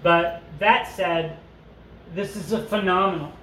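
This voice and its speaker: Man, group teacher, conversational, slightly high voice, echoey room. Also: fairly even intonation, measured pace, pushed and bright. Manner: conversational, joking asides, reads aloud and comments. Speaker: teacher leading a parent study group. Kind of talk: casual teaching talk with read-aloud passages. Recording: echoey room with faint noise.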